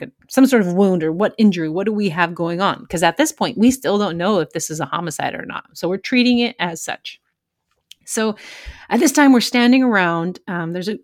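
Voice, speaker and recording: A woman's voice: lowish voice, dry recording, studio quality. A woman who works crime scenes, casually telling a gross work story with candid laughs.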